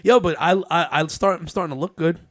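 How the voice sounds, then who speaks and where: A man's voice: on the high side, fast talker, fairly bright tone. Casual, stammering young-sounding man. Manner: profane, stammering restarts. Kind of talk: casual chat.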